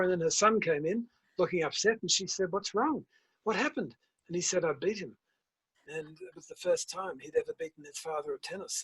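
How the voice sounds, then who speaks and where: An older man, a guest author and principal telling stories in a measured, reflective interview. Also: sits high, breathy edge, low-quality recording. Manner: measured storytelling, tells anecdotes.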